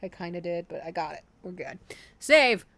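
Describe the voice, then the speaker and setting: Chatty woman streamer, blunt and sweary, bright tone. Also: lowish voice, expressive, moderate pace, no room sound. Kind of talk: casual game stream commentary.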